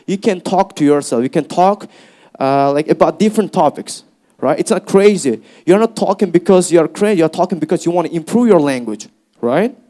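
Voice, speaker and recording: A young man with an Uzbek accent teaching a speaking workshop to a class, lively and encouraging, often calling them guys. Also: a little high, fairly quick. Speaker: English teacher. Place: classroom with students.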